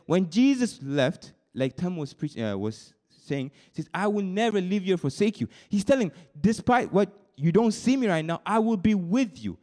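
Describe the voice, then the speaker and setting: Brief: young man, youth preacher, fairly high voice, moves between quiet confession and excited high-pitched bursts, repeats himself as he goes. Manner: swings from soft confiding to high excited bursts; repeats words and restarts mid-sentence. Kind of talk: sermon.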